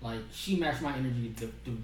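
A man's voice: mid-range voice, brisk, crowd noise. A young man co-hosting a podcast, chatting casually with lots of filler words. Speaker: podcast co-host. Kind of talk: casual chat. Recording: roomy, distant from the mic.

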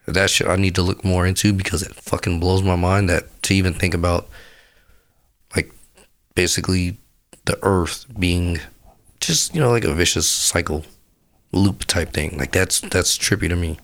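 A man's voice: low voice, fairly even intonation, normal speed, fairly bright tone. A sick man with a sore throat, rambling crudely and profanely as a podcast host. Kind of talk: rambling casual monologue.

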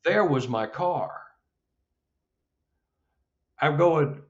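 A middle-aged man telling a story as an interview guest, acting out the dialogue with lively jumps in his voice. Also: slow, pauses often. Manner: animated, acts out dialogue with rising pitch. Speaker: Sasquatch investigator, guest. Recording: dull lo-fi audio.

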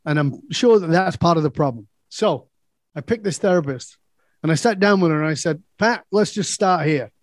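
Blunt storytelling man, high voice. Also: expressive, fairly quick, no room sound, clean studio sound. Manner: blunt, storytelling, acts out quoted dialogue, swears freely. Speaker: podcast guest, leadership speaker. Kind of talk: casual interview conversation.

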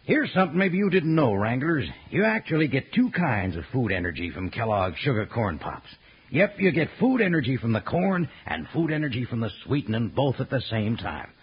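A gravelly, husky man reading a folksy cowboy-style radio ad with a lively, swinging pitch. He sounds chummy and homespun through the dull, lo-fi tone of an old broadcast. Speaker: announcer.

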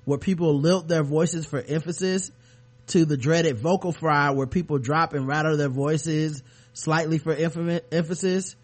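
A man co-hosting a talk podcast, his voice sitting a little high for a man. He talks loosely and casually, clearing his throat from time to time. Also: steady tone, unhurried. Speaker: podcast co-host. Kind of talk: casual chat.

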